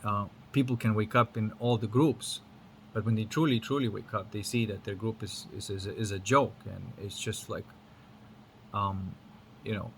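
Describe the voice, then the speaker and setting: A man's voice: on the low side, steady tone, normal speed, creaky, a little hiss or hum. A man from Lithuania whose English accent mixes Lithuanian, American and British sounds, giving a rambling, frank spiritual talk and swearing casually. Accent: mixed Lithuanian, American and British English. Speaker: spiritual teacher.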